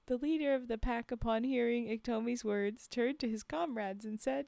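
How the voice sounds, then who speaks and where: A woman's voice: fairly high pitch, fairly even intonation, normal speed, vocal fry, mellow, smooth, no echo. A woman streamer reading folktales aloud on a live stream, breaking off for laughing asides to her chat. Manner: laughing asides to chat between read passages.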